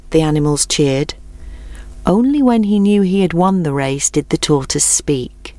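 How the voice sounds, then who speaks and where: A woman reading a children's storybook aloud in a measured, expressive way. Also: on the low side, dry recording.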